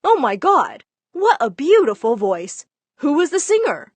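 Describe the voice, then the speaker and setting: A woman voicing an excited, insistent male family friend in a storytime narration. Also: fairly high pitch, a little slow, no room sound.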